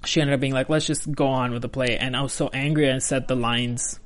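A man's voice: mid-range voice, steady tone, fairly quick. A young adult man telling a story as an interview guest in a casual, rambling way, full of "like" and restarts. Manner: chatty, full of "like" and restarts, laughs through.

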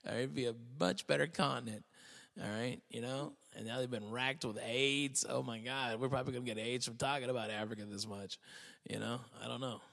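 A man's voice: medium pitch, steady tone, brisk, gravelly, fairly bright tone, in a large hall. A man hosting a show in casual chat, blunt and profane, rambling and restarting his sentences. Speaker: podcast host.

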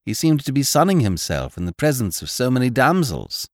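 A man narrating a classic short story in an expressive, theatrical manner. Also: mid-range voice, a little fast, dry recording, clean studio sound.

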